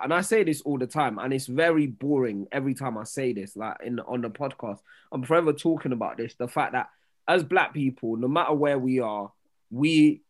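A man hosting a podcast, arguing his point in an animated, casual way and often laughing. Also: mid-range voice. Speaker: podcast host.

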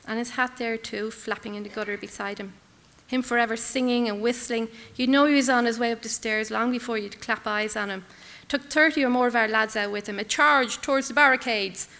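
Woman narrator, bright clear tone, dramatic literary reading in short clipped phrases. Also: on the high side, long reverb tail. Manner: measured, intense, clipped phrases. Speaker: reader.

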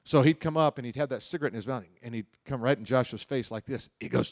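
A man's voice: medium pitch, fast, hardly any pauses, darkish tone, dry recording, studio quality. A middle-aged man preaching a sermon in a loose, conversational storytelling way, often repeating himself and adding asides. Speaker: pastor. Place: church auditorium.

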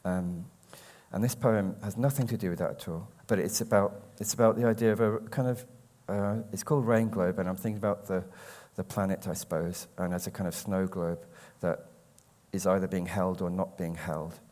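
An English man, a poet, reading his poems slowly and carefully, with hesitant, halting talk between them. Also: low voice, fairly even intonation, a little mellow. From England. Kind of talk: poetry reading with spoken introductions.

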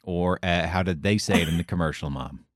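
A man's voice: sits low, fairly quick, slight background noise. A man hosting a casual chat and asking questions in a dry, teasing way. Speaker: podcast host.

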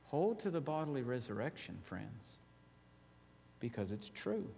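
A male pastor preaching a sermon, emphatic, dropping to quiet slow phrases and rising to urgent appeals. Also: mid-range voice, very animated, vocal fry, long reverb tail, a little hiss or hum.

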